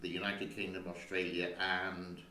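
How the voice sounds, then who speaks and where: A man's voice: low-pitched, little pitch movement, normal speed, pushed and bright, echoey room. A man hosting a casual vlog from his home studio, chatting in a rambling way and talking to his cat between points. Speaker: channel host.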